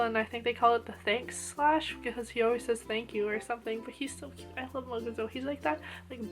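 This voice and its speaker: A young woman with a fairly high voice reviews an anime episode in a loose, animated way. She gushes, with plenty of "like" fillers. Faint music plays quietly behind her. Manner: gushing and animated, lots of "like" fillers.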